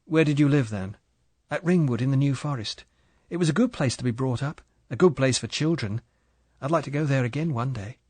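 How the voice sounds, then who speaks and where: A man voicing a timid, lonely young wife from England, speaking softly with a strained eagerness. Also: mid-range voice, brisk, no echo, voice pushed up, lightly acted. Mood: soft wistful.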